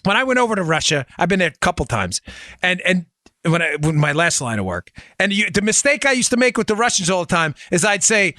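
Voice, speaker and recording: A man hosting a political podcast, talking in a sarcastic, animated way full of mocking asides. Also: sits high, fairly quick, dry recording. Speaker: podcast host. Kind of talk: opinionated political commentary.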